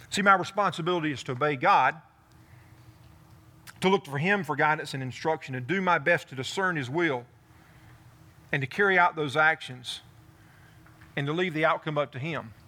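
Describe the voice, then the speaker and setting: Bright, lively male preacher. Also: on the high side, normal speed, long pauses. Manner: animated preaching, voicing David in first person. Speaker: pastor. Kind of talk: sermon. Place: church in front of a congregation.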